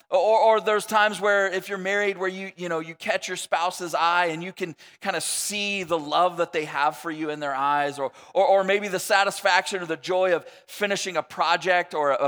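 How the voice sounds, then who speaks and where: A man in his thirties preaching a sermon in a relaxed, conversational way, with joking asides and many restarts. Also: high voice. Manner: conversational, self-deprecating, jokey asides. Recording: long reverb of a large hall.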